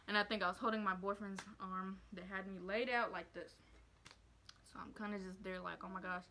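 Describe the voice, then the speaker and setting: Young woman vlogger, casual story time, emotional and rambling with many fillers, middle pitch. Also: sharp tone, a little hiss or hum, poor audio. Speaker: vlogger telling her birth story.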